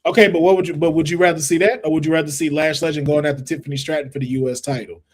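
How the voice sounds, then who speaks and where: A man co-hosting a casual wrestling watch-along, animated and joking as he riffs with friends. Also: fairly high pitch, over a noisy crowd. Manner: animated, joking, quick to riff. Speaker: wrestling show co-host.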